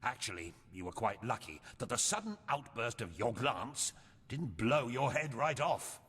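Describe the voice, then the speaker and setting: An actor playing a grumpy old male scholar-mage who talks down to others in a husky, scolding way. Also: mid-range voice, big pitch swings, moderate pace, a bit bright, long reverb tail. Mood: curious. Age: older. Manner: condescending, scolding.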